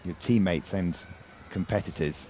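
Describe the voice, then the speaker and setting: Low-voiced male sports commentator. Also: moderate pace, dark tone, slight background noise. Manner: calls scores and names with a lift in voice. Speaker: play-by-play commentator.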